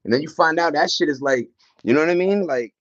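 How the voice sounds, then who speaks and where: Middle aged guy rambling on his stream, lots of slang, shouting out chat, muffled dry audio. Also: a little high, fast, no room sound. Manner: slangy, loose storytelling, greets chat viewers between stories. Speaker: livestream host. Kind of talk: casual livestream chat.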